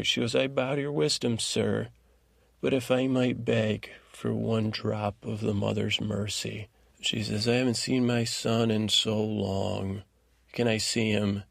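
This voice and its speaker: A man with a heavily gravelly, fry-laden voice drifts through a sleepy bedtime recap, meandering and low-key, stumbling over fillers. His pitch stays flat and monotone. It sounds dry and close, with no room at all. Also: no echo. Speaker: podcast host.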